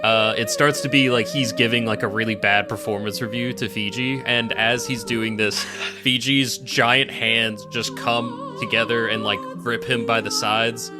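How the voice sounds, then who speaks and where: A tabletop game player narrates in a relaxed, rambling way, full of fillers. His voice sits at middle pitch. Music is clearly heard behind him. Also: unhurried. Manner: loose, with many fillers.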